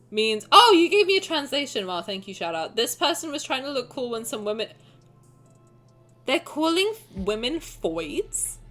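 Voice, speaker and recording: A woman's voice: fairly high pitch, bright, forceful tone. A young woman streaming live, reading chat messages aloud and reacting with swearing and frequent laughter.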